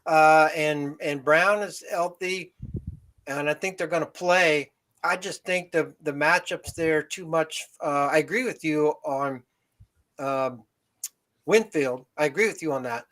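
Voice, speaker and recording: A man hosting a casual sports talk show, giving measured opinions and thinking aloud. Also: fairly high pitch, a bit bright. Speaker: podcast host.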